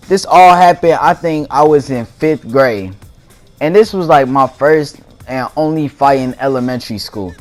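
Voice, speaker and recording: A young man hosting a gaming channel, telling a story casually in slangy speech and laughing as he goes. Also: mid-range voice. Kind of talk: casual storytelling over gameplay.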